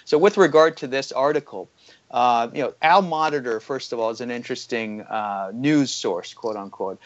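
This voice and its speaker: A man's voice: medium pitch, moderate pace, muffled recording. A man giving critical economic commentary as an interview guest, arguing his points with frequent fillers. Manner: critical, argumentative, many fillers.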